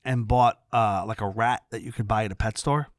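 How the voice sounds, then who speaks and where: A man's voice: on the low side, fairly even intonation, fairly quick, dry recording, studio quality. A man in casual podcast chat, telling childhood stories in a rambling way, full of fillers. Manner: rambling storytelling with many "like" fillers. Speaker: podcast host.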